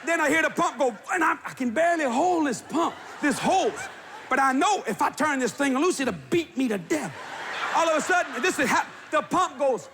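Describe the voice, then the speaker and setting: A man preaching, telling a funny story with laughter and bursts of shouting. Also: very high voice, normal speed. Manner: animated, laughing while telling, shouting at peaks. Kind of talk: humorous storytelling sermon. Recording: live audience with crowd noise.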